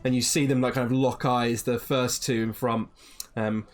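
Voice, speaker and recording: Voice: medium pitch, level tone, normal speed. A game master narrating a tabletop game in a rambling way, full of fillers and "like"s.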